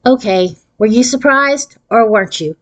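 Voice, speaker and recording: A woman's voice: fairly high pitch, normal speed, close to an everyday voice. A woman voicing a sporty, cool-headed fifth-grade girl who likes to tease, in a storybook read aloud. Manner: cool and teasing.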